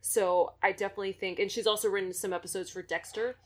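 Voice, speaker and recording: A woman's voice: mid-range voice, steady tone, quick pace. A woman co-hosting a fan podcast, chatting enthusiastically with frequent laughs. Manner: enthusiastic, laughs often, many fillers. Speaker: podcast co-host. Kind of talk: casual chat.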